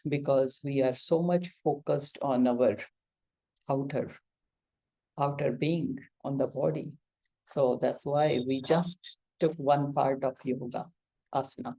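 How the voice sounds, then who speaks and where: A woman's voice: rumbling low, mellow. A woman with an Indian accent teaching a yoga lesson, coaxing answers from her student with questions and acted-out examples.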